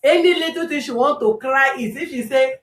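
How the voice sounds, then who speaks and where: A woman's voice: high-pitched, fairly quick. A woman host with a Nigerian accent mediating a family dispute, chatty and mixing in pidgin words. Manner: chatty, mixes in pidgin words, lively when retelling. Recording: roomy, distant mic, faint background noise.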